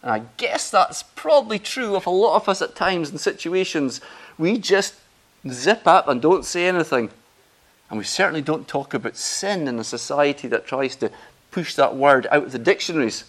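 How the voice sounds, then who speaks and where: A man's voice: expressive, moderate pace. Earnest man preaching. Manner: earnest, emphatic, rises in pitch and volume on key phrases. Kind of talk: sermon.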